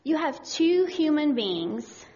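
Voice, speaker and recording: A woman's voice: high voice, big pitch swings, slow, dark tone, dull audio. A woman sharing her marriage story in a church talk and reading scripture, earnest and frank with frequent fillers. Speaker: church speaker. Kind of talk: personal testimony and scripture reading in a sermon.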